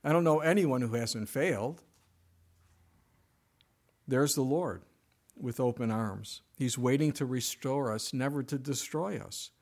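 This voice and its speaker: A male pastor preaching a conversational sermon, his voice dropping soft and quiet in emotional moments. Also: medium pitch, unhurried, pauses often.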